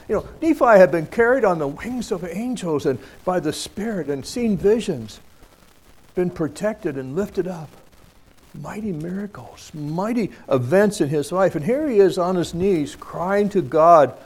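A man's voice: fairly high pitch, animated, normal speed, darkish tone. Man reading and discussing scripture. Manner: reads verses aloud then comments conversationally; many fillers and restarts. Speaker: scripture study teacher. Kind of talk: informal scripture lesson.

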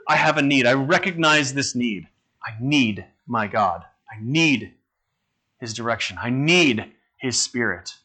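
A man's sharp-toned, mid-range voice carries a sermon delivered as a conversation, with questions directed at his listeners.

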